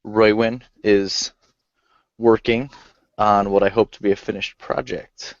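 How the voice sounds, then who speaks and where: A man with a lower voice describes his character's moves in a halting, measured way. The sound is dry and dull, with no room in it. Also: level tone, dry recording. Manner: halting, slow-building narration. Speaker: player. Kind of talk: playing a tabletop game.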